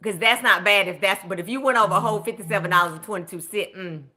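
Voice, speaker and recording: Woman, budget coach, clear bright tone, chatty live stream, encouraging. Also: mid-range voice, fast talker. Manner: chatty, encouraging, cheers viewers on by name. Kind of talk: live-stream coaching, reading viewer comments.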